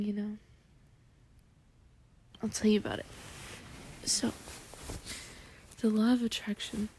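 A woman murmurs in a whispered role-play, her voice husky and full of morning gravel. She talks slowly and mellowly, gentle and encouraging toward the listener. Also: medium pitch, no room sound. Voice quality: gruff morning voice. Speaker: comforting companion.

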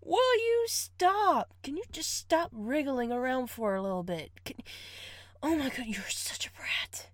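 A woman's voice: sits high, very animated, unhurried, hardly any pauses, dry recording, studio quality. A woman playing a teasing, bossy partner. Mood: scolding, laughing. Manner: teasing, laughing often, scolding. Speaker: audio role-play performer. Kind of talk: intimate audio role-play.

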